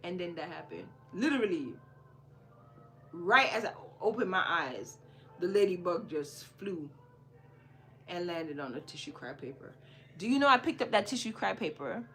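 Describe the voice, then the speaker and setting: Jamaican woman podcast host, bright tone, casual animated storyteller, swings from hushed to loud. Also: lowish voice, moderate pace, pauses often, faint music behind. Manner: animated, repeats phrases for emphasis, swings between hushed and loud.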